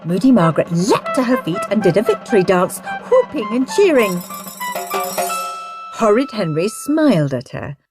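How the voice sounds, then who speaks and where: A woman narrating a children's audiobook in a lively, dramatic way, relishing each line. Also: mid-range voice, moderate pace, over music. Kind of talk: expressive storybook narration.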